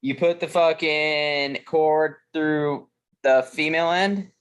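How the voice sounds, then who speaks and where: A man's voice: on the high side, steady tone, slow, smooth. A man in casual podcast chat, swearing freely and rambling with fillers as he tells a story. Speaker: podcast co-host.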